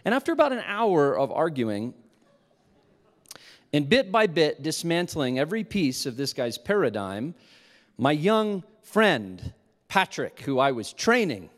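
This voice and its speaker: A man preaching to a live audience, telling a self-mocking story with animation and dropping to a hushed tone when he reflects. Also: a little high, sing-song, measured pace. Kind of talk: sermon storytelling. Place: large hall with a live audience. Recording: long hall reverb.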